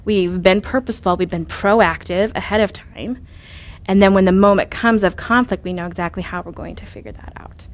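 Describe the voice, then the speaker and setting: A woman's voice: mid-range voice, moderate pace. A woman giving an earnest, coaching talk on parenting, asking rhetorical questions and using frequent fillers. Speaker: parenting speaker.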